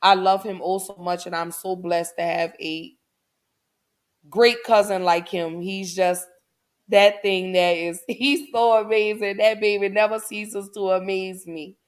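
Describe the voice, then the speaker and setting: A woman hosting her podcast, talking warmly and encouragingly to her listeners in a casual, heartfelt way. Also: mid-range voice, steady tone, measured pace. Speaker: podcast host. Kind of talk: casual affirming talk to listeners.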